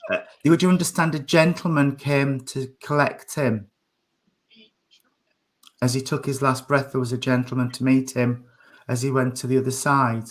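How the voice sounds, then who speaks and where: A soft-spoken man gives a spiritualist reading at a church service. He speaks hesitantly, full of fillers and small apologies, and his voice turns emotional as he talks. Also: medium pitch, fairly even intonation, normal speed. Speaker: medium.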